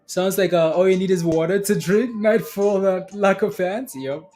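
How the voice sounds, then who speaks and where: Young male streamer, high voice, rambling casual chat with lots of laughs and fillers. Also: normal speed, a little mellow. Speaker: livestream stock trading host. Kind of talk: casual livestream chat reading viewer comments.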